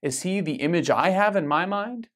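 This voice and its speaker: A man's voice: sits high, animated, moderate pace, fairly bright tone. An American man leading a weekly parish Bible study, explaining scripture in a conversational way with frequent ums and self-corrections. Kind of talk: casual Bible study teaching.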